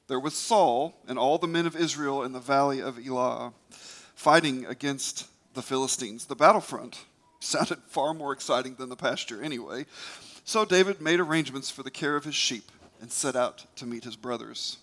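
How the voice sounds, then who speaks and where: A man's voice: medium pitch, normal speed, a bit bright. A man retelling a scripture story as a preacher, emphatic, with occasional stumbles.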